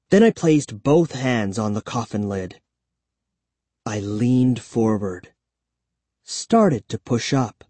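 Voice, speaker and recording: A narrator reading a first-person story aloud in a slow, measured, lively way. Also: medium pitch, dry recording. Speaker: audiobook narrator.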